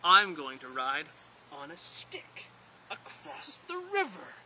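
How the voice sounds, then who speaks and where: A man's voice: on the high side, moderate pace, slight background noise, poor audio. A man voicing a naive, eager first man full of childlike wonder, told as a story. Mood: puzzled. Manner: excited, puzzled, childlike wonder.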